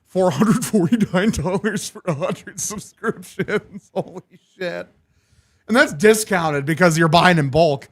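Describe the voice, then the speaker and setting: A young man streaming a game watch-along, calling the plays and excitedly thanking his chat, swearing freely. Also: sits high, measured pace. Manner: hyped, profane, thanking chat. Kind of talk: live watch-along play-by-play.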